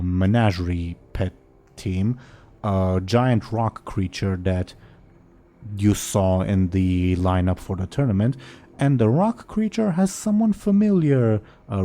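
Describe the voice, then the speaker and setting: A man narrating as game master in a tabletop role-play game, relaxed and full of fillers. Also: sits low.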